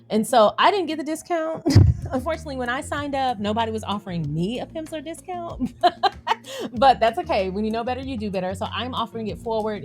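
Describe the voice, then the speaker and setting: A woman with a Southern country accent, hosting a casual vlog in a chatty, animated way, with soft music playing behind her. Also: medium pitch. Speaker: YouTube channel host.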